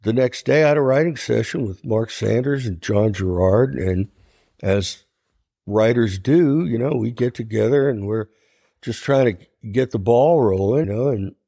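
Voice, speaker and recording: Older man, from Ohio, gravelly voice, lively storyteller, mimics voices, laughs a lot. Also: medium pitch, moderate pace, dry recording, clean studio sound. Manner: animated anecdote telling, acts out quoted voices, laughs often. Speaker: songwriter guest. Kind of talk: storytelling interview.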